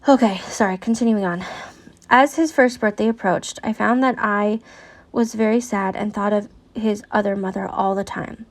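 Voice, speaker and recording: Woman, mid-pitched, gravelly fry, earnest reader who stops to comment candidly. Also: fairly even intonation, moderate pace. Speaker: adoptee reading a book aloud. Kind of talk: reading letters aloud with personal commentary.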